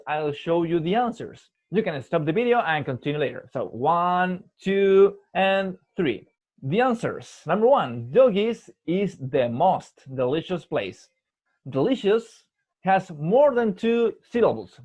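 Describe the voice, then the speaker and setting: A male English teacher recording a slideshow lesson for his students. He switches between English and Spanish and explains patiently, slowing down to stress key words. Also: on the high side. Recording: tinny phone-like voice-over.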